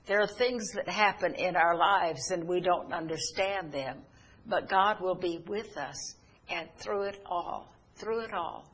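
A woman preaching a sermon, telling a story earnestly with halting pauses and restarts. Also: lowish voice, a bit bright, slightly rough.

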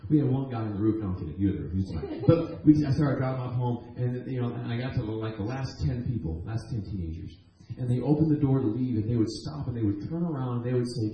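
A man's voice: medium pitch, animated, fast talker, few pauses, lo-fi sound. A man preaching a testimony sermon, telling stories earnestly and animatedly, with frequent restarts. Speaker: guest preacher. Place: church sanctuary. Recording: echoey church hall.

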